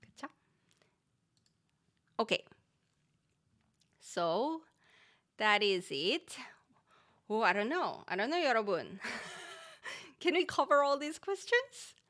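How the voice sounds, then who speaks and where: A woman's voice: a little high, big pitch swings, unhurried, long pauses, fairly bright tone. A Korean woman teaching her language on a live stream, reading viewer questions aloud and explaining patiently with a Korean accent.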